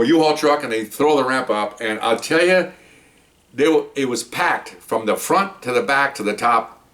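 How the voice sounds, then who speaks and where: A man's voice: mid-range voice, fairly bright tone. A man, a police officer, casually telling a long rambling story from his work, often checking in with his listener. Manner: rambling, chatty, checks in with "okay?". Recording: voice a bit distant from the mic.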